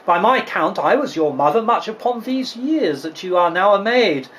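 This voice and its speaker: A man voicing a composed noble mother who speaks in a measured, formal way. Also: sits high, lively intonation, fairly bright tone, rough recording.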